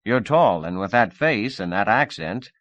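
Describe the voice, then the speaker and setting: A smooth, confident male agent talks in a brisk, persuasive way, as a man reads him. His voice is fairly low and dry, with no room around it. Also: lively intonation, fairly bright tone, no echo. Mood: coaxing. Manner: brisk, assured, coaxing.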